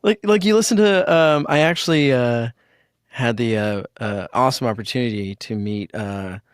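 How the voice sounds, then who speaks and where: A man's voice: mid-range voice, moderate pace, clean tone, no echo, studio quality. A man hosting a podcast, telling stories in a laid-back, rambling way with many fillers. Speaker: podcast host. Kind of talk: casual interview chat.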